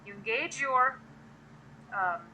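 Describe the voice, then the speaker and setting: A woman's voice: a little high, slow, bright, forceful tone, slight background noise, poor audio. A woman giving a casual live-streamed singing lesson, chatting to viewers and demonstrating sounds as she explains. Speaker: voice teacher.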